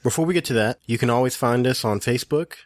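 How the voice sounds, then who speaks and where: A man's voice: medium pitch, fast talker, dry recording. A man co-hosting a podcast in casual chat, teasing and easygoing, often breaking into laughter. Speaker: podcast co-host.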